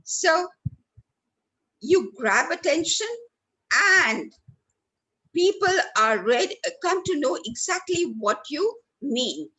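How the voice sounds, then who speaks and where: A workshop trainer gives a lively training talk in a lecture hall, her slightly high voice swooping up and down to stress important words. Unhurried and animated, she speaks directly to the people before her, sometimes by name. The audio is poor.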